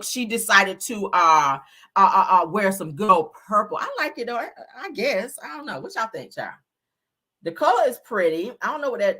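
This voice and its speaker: A woman's voice: medium pitch, bright, forceful tone, breathy edge. A woman hosting a casual livestream, giving blunt, sassy fashion commentary and talking straight to her chat. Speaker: livestream host.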